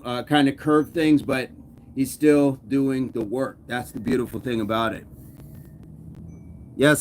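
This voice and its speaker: A man's voice: medium pitch, a little hiss or hum. A man hosting a fitness livestream, casually teasing and chatting with his viewers. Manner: playful teasing banter, reads and answers chat. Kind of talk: casual live chat with viewers.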